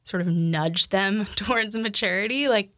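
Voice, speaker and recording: A woman's voice: mid-range voice, moderate pace, pushed and bright, dry recording, studio quality. A young adult woman with a Minnesota accent, co-hosting a podcast in casual chat, talking loosely with many fillers and restarts. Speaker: podcast co-host.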